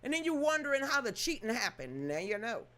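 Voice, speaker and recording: Sassy woman with a lively voice. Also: fairly high pitch, fast talker. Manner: sassy, emphatic, scolding. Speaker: political commentary host. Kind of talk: reading news aloud with commentary.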